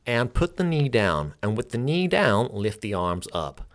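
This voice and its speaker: A man's voice: medium pitch, big pitch swings, unhurried, voice pushed up. A man doing a playful impression of a confident male yoga teacher, putting on a generic American accent. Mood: cueing.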